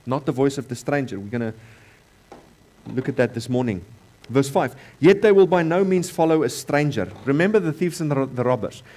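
Emphatic South African pastor preaching. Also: male voice, mid-range voice, expressive, brisk. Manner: emphatic, repeats key phrases, swings between loud and quiet. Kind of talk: sermon. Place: church.

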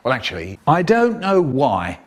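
Lively, animated male storyteller. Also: mid-range voice, moderate pace, faint music behind. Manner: animated, expressive performer of a children's story. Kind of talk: comic storytelling, chopped and remixed.

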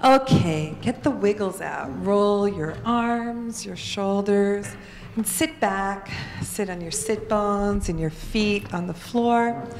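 Woman, slow mellow guided-meditation voice, gentle delivery, echoey hall. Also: mid-range voice, a little hiss or hum. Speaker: meditation leader. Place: large hall.

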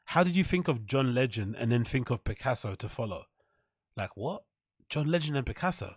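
A man's voice: fairly high pitch, moderate pace, no echo, studio quality. A man hosting a reaction video, laughing often and gleefully repeating mispronounced names. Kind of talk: reaction commentary.

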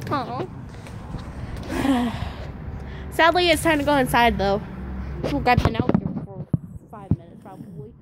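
A woman talks casually to her viewers and her dog in a high, sing-song voice that swoops up and down. She is playful and giggly, taking her time over each line. The home video is noisy, with wind heard behind her. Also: animated, slow, pauses often. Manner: playful and giggly, calls herself weird. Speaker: vlogger.

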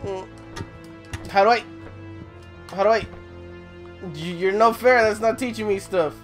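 A hoarse gaming host losing their voice, swearing and cheering through casual gameplay commentary at home. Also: mid-range voice, a little slow, soft background music. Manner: profane, talks to the game, grunts and cheers while playing. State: hoarse, voice giving out from sickness.

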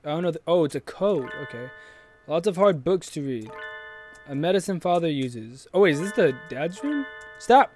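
A man playing a game and commenting on it, joking and swearing a lot with sudden loud outbursts. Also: a little high, animated, normal speed. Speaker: gaming channel host. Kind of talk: let's play commentary. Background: game music.

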